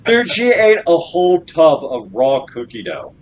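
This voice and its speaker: A man's voice: a little high, huge pitch swings, unhurried, highs cut off, slight background noise. A man in his thirties co-hosting a podcast, telling stories in laid-back, profane casual chat. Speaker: podcast co-host.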